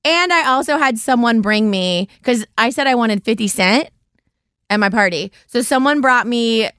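A woman's voice: on the high side, lively intonation, moderate pace, a bit bright, clear, resonant tone, dry recording, clean studio sound. A woman in her forties hosting a podcast, telling stories in a casual chat and laughing often. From United States. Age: 40s. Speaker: podcast host.

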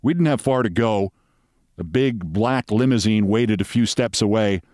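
A man's voice: on the low side, moderate pace, a little mellow, dry recording. Dry, wry male storyteller. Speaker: host reading a story. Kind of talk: dramatic reading of a short story.

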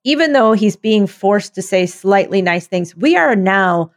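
A woman's voice: medium pitch, measured pace. A woman co-hosting a casual political chat, wry and sarcastic, thinking aloud as she goes. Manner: wry, deadpan sarcasm, rambling. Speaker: podcast co-host.

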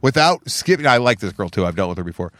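Casting note: quick, chatty male podcast host, rambling storyteller, dry close sound. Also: on the low side, big pitch swings, fairly bright tone, dry recording. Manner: rambling storyteller, acts out quotes. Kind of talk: casual chat.

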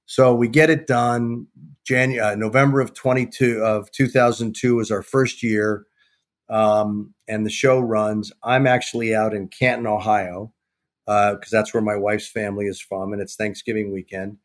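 Man telling a lively story. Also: fairly low pitch, normal speed. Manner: animated anecdote-telling, acts out quoted dialogue. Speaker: sports television executive, guest. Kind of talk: casual storytelling in a podcast interview.

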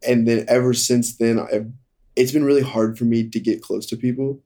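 A young man candidly telling a hard personal story in conversation, halting and full of fillers. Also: medium pitch, steady tone, mellow. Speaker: guest.

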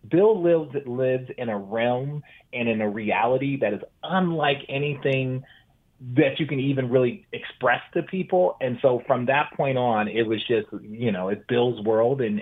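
Husky man on a tinny line. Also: mid-range voice, normal speed. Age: 40s. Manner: animated storyteller, with restarts and acted-out quotes. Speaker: guest, former basketball player and broadcaster. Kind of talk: casual storytelling chat.

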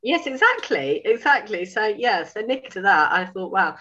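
A woman in her fifties, a sewing school owner, telling a story in a lively way, acting out dialogue and laughing. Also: mid-range voice, normal speed, highs cut off. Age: 50s. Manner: animated, laughing, acts out dialogue. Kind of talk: casual storytelling.

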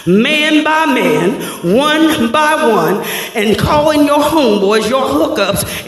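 A man's voice: high voice, recorded from a distance, voice pushed down, full character voice. A man voicing God, speaking with firm, self-assured declarations. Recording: echoey hall.

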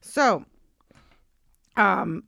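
A woman guest co-host tells a lively, profane story in a casual podcast chat, laughing often, recorded dry on a close mic. Her voice is medium-pitched with vocal fry, and she speaks very slowly.

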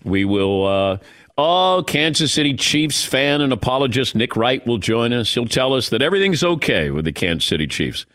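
A man hosting a sports talk radio show, chatting casually with jokes and quick asides. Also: mid-range voice, very animated, a bit bright, no echo, studio quality. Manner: conversational, joking, quick asides. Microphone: studio broadcast mic.

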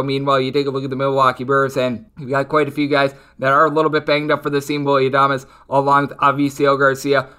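A man hosting a sports betting podcast, running through player stats and betting lines with quick asides. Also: a little high, sharp tone, smooth. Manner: rapid-fire stat rundown with quick jokes. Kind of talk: solo betting analysis.

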